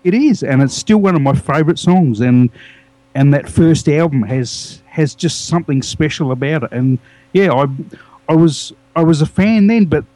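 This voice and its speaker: A man with an Australian accent, co-presenting a music podcast and reminiscing with halting restarts. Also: a little high, animated, mellow, no room sound, low-quality recording. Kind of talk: casual music podcast chat.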